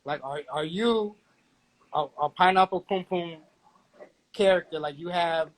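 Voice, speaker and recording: A man, a rapper, chatting casually in a playful, animated way with loud outbursts. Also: fairly high pitch, measured pace, low-quality recording. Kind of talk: casual chat.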